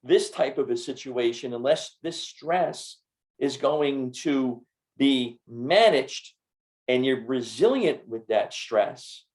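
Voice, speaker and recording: A middle-aged man hosting a health podcast, telling stories in an animated, repetitive way. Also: medium pitch, slow pace. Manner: animated storyteller, repeats words. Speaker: podcast host and doctor. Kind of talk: casual interview chat.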